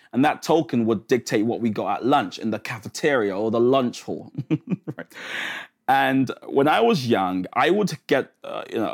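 A man preaching a sermon, telling a childhood story with lots of restarts and acting out the voices of the people in it. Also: medium pitch. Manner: animated storytelling, acts out voices, frequent restarts.

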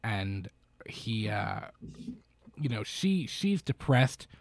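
A man's voice: lowish voice, very animated, drawn-out words, vocal fry, no echo. A man co-hosting a podcast, retelling a film in a casual, rambling way with lots of fillers and restarts. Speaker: podcast co-host. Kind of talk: casual chat recapping a film.

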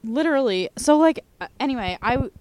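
A woman's voice: high voice, lively intonation, brisk, a little mellow, no room sound. A young woman hosting a podcast, chatting casually in a giggly, rambling way. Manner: giggly, rambling, self-mocking. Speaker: podcast host. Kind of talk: casual chat.

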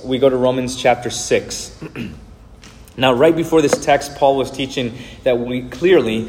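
Pastor preaching in a reverberant hall. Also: male voice, mid-range voice, darkish tone. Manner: earnest, explanatory, frequent "uh" fillers. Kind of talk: sermon.

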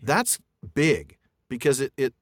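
Guy cohosting a book podcast, mid voice, thinks out loud, very dry sound. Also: mid-range voice, expressive, takes it slowly, no echo. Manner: thoughtful, reads quotes aloud, frequent restarts. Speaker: podcast co-host. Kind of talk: casual book discussion.

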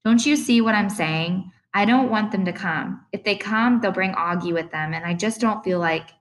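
A fragile, prickly teenage girl who turns defensive and is close to tears, as a woman reader puts her on. Her voice rises higher and louder than the reader's narration. She sounds hurt and guarded. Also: normal speed, close to an everyday voice, rough recording. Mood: tearful.

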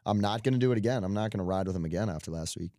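A young man with a lowish, dark-toned voice co-hosts a podcast, talking very fast about sports betting picks with loose, joking asides. The recording is studio quality with no echo.

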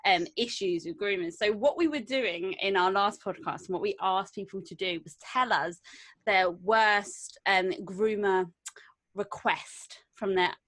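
A woman's voice: medium pitch, measured pace, a bit bright, no echo. A woman co-hosting a podcast, asking a guest friendly questions. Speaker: podcast co-host. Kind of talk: casual podcast interviewing.

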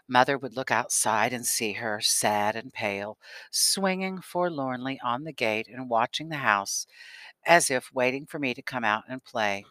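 A man narrating a first-person children's novel as an audiobook, in a calm storytelling manner. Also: mid-range voice, a little slow, no echo. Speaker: audiobook reader.

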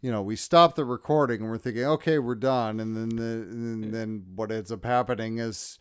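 A man co-hosting a casual podcast, drunk, loud and crude, laughing often. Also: lowish voice, fairly quick, clean tone, dry recording, studio quality. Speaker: podcast co-host. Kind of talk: casual chat.

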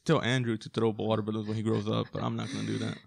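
A young man co-hosting a casual podcast chat, exasperated and quick to swear. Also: fairly low pitch, completely flat delivery, vocal fry. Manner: exasperated, swears freely, laughs often. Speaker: podcast co-host.

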